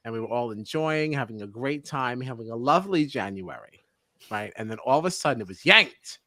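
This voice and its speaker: A man's voice: mid-range voice, brisk, no room sound. A man hosting a podcast, telling stories in casual chat with frequent laughter. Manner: animated, laughing storyteller. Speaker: podcast host.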